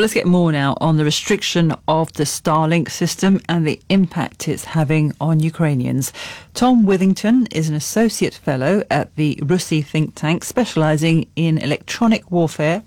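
A male news anchor presenting headlines and introducing reports in a crisp, even studio delivery. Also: on the high side, normal speed, dry recording.

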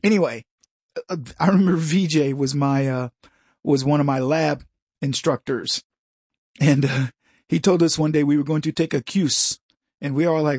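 A male talk radio host delivers a mocking, sarcastic monologue and laughs at his own jokes. His voice sits a little high and husky, leaping around in pitch. It is recorded dry and close. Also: lively intonation, normal speed, darkish tone, no echo.

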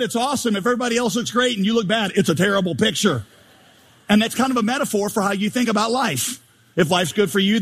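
A man's voice: high-pitched, slightly rough. A male pastor preaching an emphatic, humorous sermon, recorded with the long reverb of a large hall. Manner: emphatic, humorous, mimics prayers.

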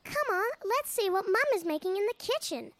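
A woman voicing a cheerful little boy koala with a squeaky voice in a children's story. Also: big pitch swings, brisk, noisy background. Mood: eager.

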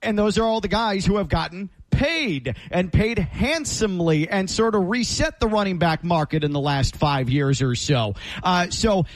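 A man with a high voice co-hosts a sports talk show. He is a former college player who breaks down positions quickly and readily agrees with his partner. His voice comes through dry and close, with little room sound. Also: lively intonation, no room sound. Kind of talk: casual sports radio chat.

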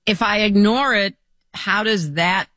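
A woman's voice: mid-range voice, measured pace, fairly bright tone, no echo. A woman answering an interview question, thoughtful and a little hesitant. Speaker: interview guest.

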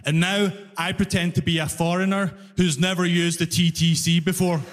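A man with a Glaswegian accent doing stand-up, telling a story in an animated, exasperated way with shouted punchlines, live in a large concert hall. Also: high voice, moderate pace, a little hiss or hum. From Scotland. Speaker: stand-up comedian.

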